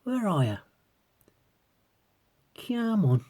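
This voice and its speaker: Giggly, husky-voiced man chatting slowly. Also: mid-range voice, expressive, warm tone. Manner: giggly, keeps breaking into laughter; rambling, talking while peering through a magnifier. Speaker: coin collector vlogger. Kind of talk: casual chat to viewers.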